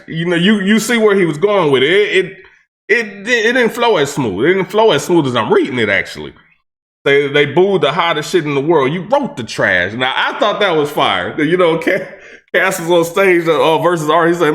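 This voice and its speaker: A man's voice: on the high side, animated, normal speed, a bit bright. A man hosting a reaction channel who talks in casual slang, breaks down battle rap lines, often repeats himself and restarts his sentences.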